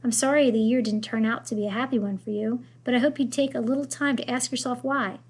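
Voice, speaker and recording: A woman reading aloud as a kind, thoughtful male middle-school teacher, in a gentle, reflective way. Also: on the high side, fairly even intonation, fast, slightly rough. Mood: gentle, encouraging.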